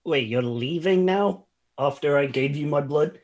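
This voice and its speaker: A man's voice: a little high, a little slow, darkish tone. A man playing a tabletop game, talking in a sarcastic, wisecracking way. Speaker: player. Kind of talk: casual tabletop game play.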